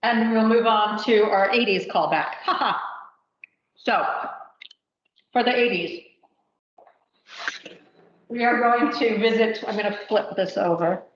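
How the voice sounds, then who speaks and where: A woman's voice: medium pitch, measured pace, pauses often, slight background noise. Chatty woman teaching a cooking class. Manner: chatty, thinks aloud with many fillers. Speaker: cooking instructor. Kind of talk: live cooking demonstration. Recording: roomy, dull lo-fi livestream audio.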